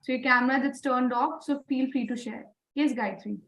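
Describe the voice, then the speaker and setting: Brief: woman trainer, high voice, echoey online call, coaxing students along. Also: normal speed, fairly bright tone, far from the mic. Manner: encouraging, asks the class questions, often adds "right?". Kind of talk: live webinar teaching.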